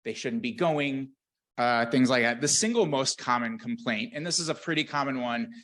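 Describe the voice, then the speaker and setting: Brief: male scientist presenting at a conference, mid-pitched, earnest and candid, dry self-deprecating humor. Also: moderate pace, fairly bright tone. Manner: earnest and candid, with filler words and restarts. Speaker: research scientist giving a conference talk.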